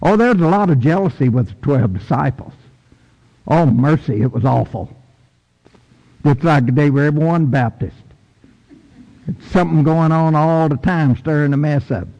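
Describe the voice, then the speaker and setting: A man preaching a sermon in a church, folksy and emphatic, with sudden high bursts for stress. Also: normal speed, creaky, pauses often, dark tone, dull audio. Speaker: pastor. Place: church sanctuary. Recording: long echo of a big hall.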